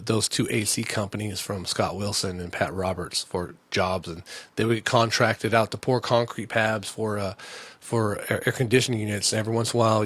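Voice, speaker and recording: A podcast host with a lowish, husky voice tells a long story on his comedy podcast, recorded with no room sound. It's a casual storytelling rant, heated, indignant and rambling, with plenty of restarts.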